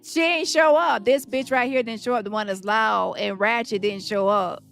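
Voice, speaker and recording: A woman's voice: a little high, moderate pace, gravelly, fairly bright tone, faint music behind. A woman hosting a livestream, taunting a rival and turning to her viewers in heated reaction commentary. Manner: taunting, confrontational, addresses viewers directly. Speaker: livestream host.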